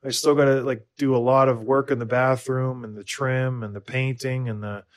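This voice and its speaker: A rambling American man in his thirties chats loosely on a podcast. He stumbles and restarts often and pokes fun at himself, at a mid-range pitch. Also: little pitch movement, moderate pace. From United States. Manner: rambling, self-deprecating, lots of restarts and fillers. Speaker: podcast co-host. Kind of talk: casual chat.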